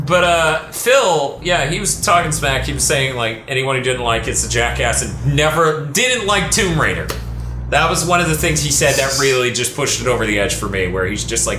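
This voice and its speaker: A man chatting casually during a let's play, telling a story with lively, jumping delivery. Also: normal speed. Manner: animated storyteller, voice jumps high when retelling arguments. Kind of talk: casual group chat over gameplay. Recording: echoey room with faint noise.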